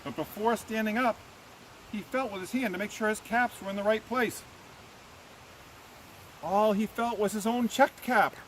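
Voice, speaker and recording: A male teacher with a high-pitched voice reads a picture book aloud to children outdoors, speaking at normal speed and pausing often. He's animated and asks the kids questions as he goes. The low-quality recording has a little hiss or hum.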